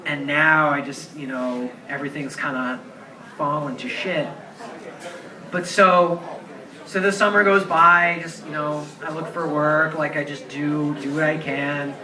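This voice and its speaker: Young man, high voice, rambling earnest storyteller, live in a noisy bar. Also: little pitch movement, unhurried, distant mic. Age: 20s. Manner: earnest, rambling, full of "like" fillers. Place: crowded bar. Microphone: distant handheld camera. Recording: roomy bar recording from afar, crowd chatter.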